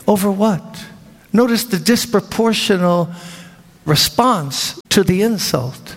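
A man delivers a lively sermon in a big church, acting out voices as he tells his story. His voice sits high, with a gravelly edge. The sound rings with long reverb from the hall. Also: slow. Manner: animated, acts out voices of biblical figures. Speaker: pastor.

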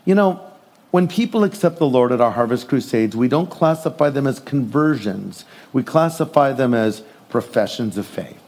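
A middle-aged man preaching a sermon in an animated way, acting out voices as he tells stories and jokes. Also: medium pitch, normal speed. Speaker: pastor.

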